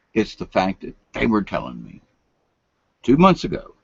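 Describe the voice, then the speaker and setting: A man's voice: low-pitched, huge pitch swings, unhurried, creaky, slightly rough, dry recording. An older man, rambling folksy and meandering through a late-night monologue at home. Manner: folksy, meandering, drops to whispers. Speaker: vlogger. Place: home room, lights turned down. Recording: dull lo-fi sound.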